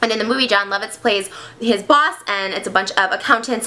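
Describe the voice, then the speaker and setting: A woman retelling a film in a casual, animated and giggly way. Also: medium pitch, brisk.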